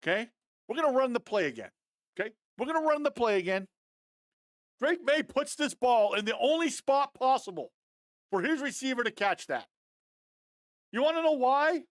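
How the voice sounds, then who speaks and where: A man breaking down football game film on a live stream, animated and fired up, talking straight to his viewers. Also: extremely high pitch, moderate pace, long pauses, no echo, clean studio sound. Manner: addresses viewers as guys, often adds okay.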